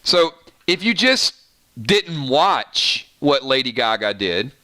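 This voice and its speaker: A man hosting a gaming channel livestream, chatting casually and reading out viewer comments with quick asides. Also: mid-range voice. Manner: chatty and animated, quick asides, frequent "right?".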